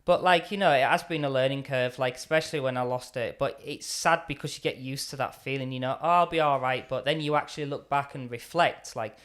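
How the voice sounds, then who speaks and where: A man chatting as an interview guest, with a mid-pitched voice. He talks with feeling and keeps reaching for "you know" and "like" as he goes. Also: fairly quick, few pauses, fairly bright tone. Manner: emotional, repeats "you know" and "like". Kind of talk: casual chat.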